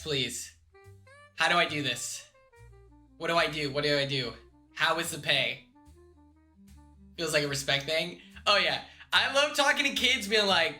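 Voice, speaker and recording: A man's voice: on the high side, bright, forceful tone. A young man chatting casually on a live stream, laid-back and slangy, with restarts and laughs.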